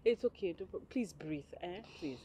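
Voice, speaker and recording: A woman's voice: fairly low pitch, expressive, a little slow, heavy background noise. An actress playing a caring married woman who fusses over her hungry brother-in-law. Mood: soothing. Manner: soothing, fussing.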